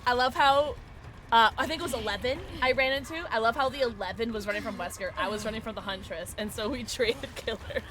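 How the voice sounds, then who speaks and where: A woman streamer giving live gaming commentary, excitable and playful, often squealing and laughing. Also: a little high, quick pace, a crowd in the background. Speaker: livestreamer.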